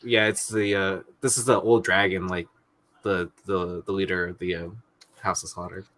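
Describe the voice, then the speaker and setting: A man co-hosts a casual livestream chat in a low yet bright, forceful voice. He speaks haltingly and keeps searching for his words, with many pauses. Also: little pitch movement.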